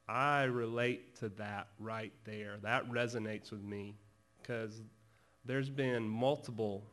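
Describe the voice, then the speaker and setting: Man preaching a casual chapel talk. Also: on the low side. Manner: conversational, animated storytelling with quick asides. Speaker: chapel speaker. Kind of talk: casual sermon. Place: school performing arts center.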